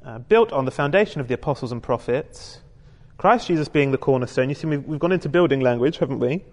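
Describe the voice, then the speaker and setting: A man's voice: medium pitch, lively intonation, quick pace, darkish tone. British man, chatty preacher, joking asides, long hall reverb. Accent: British English. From United Kingdom. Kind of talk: sermon. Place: church hall with a congregation.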